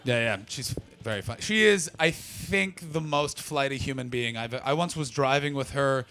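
A man's voice: mid-range voice, normal speed, bright, forceful tone. A man in his thirties doing improvised stand-up comedy, rambling, swearing and chatting with the crowd. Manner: profane, rambling, chats with the audience. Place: comedy venue with audience.

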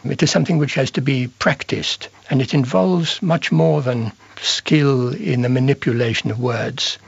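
A man speaks in a measured, reflective interview, his voice gravelly and husky. The recording is dull and lo-fi, with a very dry sound and no room around him. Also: medium pitch, dry recording. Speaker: philosopher and historian. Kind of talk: interview answer.

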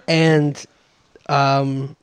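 A man's voice: mid-range voice, flat delivery, drawn-out words, clear, resonant tone. A man co-hosting a podcast in casual chat, sardonic and rambling, with many fillers and restarts. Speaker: podcast co-host.

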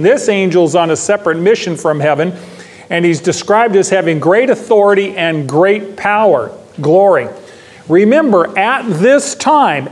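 High-voiced pastor teaching scripture. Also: male voice, a little mellow. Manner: emphatic, repeats key phrases, asks the audience questions. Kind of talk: expository Bible teaching sermon.

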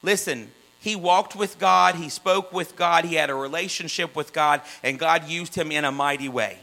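High, bright-voiced preacher man. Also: normal speed, rough recording. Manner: swings from loud fervent runs to hushed low asides. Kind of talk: sermon.

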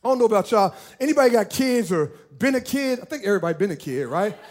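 A man preaching as a pastor, animated and playful, talking directly to his church. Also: high-pitched, fast talker. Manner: animated, playful, talks to the congregation. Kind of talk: lively sermon.

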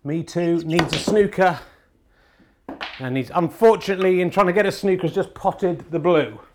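A middle-aged man with an English accent, hosting a comedy podcast in excitable, hesitant mock snooker commentary. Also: high-pitched, moderate pace. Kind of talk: comic mock sports commentary.

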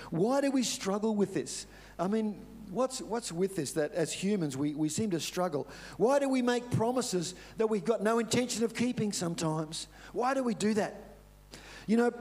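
A man's voice: sits high, darkish tone. Earnest Australian preacher, man. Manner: storytelling, earnest, emphatic repetition. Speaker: pastor. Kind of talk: sermon.

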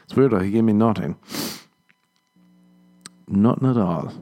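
Low-voiced man, swearing comic monologue. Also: a little slow, lo-fi sound. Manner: swears freely, laughs at his own jokes, acts out voices. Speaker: stand-up comedian and podcast host. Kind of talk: casual podcast monologue.

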